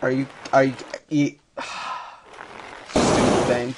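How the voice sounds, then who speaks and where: A young man giving casual let's-play commentary, excitable, often yelping and muttering "oh dear" as he plays. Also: mid-range voice, slow, heavy background noise. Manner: excitable, frequent yelps and "oh dear". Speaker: gaming video host. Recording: keyboard clicks and typing behind.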